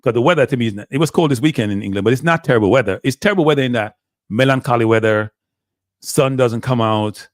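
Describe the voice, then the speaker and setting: A man hosting a casual football talk show, asking animated rhetorical questions and talking with Jamaican-tinged phrasing. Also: medium pitch, quick pace, no echo, studio quality. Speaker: show host.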